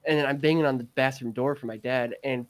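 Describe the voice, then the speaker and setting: A young man on a podcast, casually retelling a dream in a rambling, animated way, full of fillers and throat-clearing. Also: medium pitch, fast talker. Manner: animated, gets excited retelling. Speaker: podcast co-host. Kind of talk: casual storytelling.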